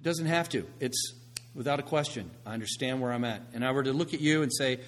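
A man preaching a sermon, swinging from hushed, quiet passages to loud, emphatic ones. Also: medium pitch, a little fast. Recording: long reverb of a large hall.

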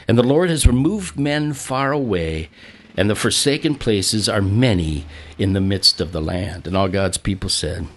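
Animated man preaching a lively sermon. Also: moderate pace. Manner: animated, acts out quotes with a jumping pitch; stammering restarts, chuckles now and then. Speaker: pastor. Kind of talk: sermon with scripture reading.

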